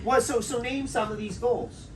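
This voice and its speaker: A man's voice: very high voice, moderate pace. A man preaching an interactive sermon, talking casually with his congregation and often checking in with "right?". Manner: conversational, draws answers from the congregation, tags lines with "right?". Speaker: pastor. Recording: distant mic with faint background noise.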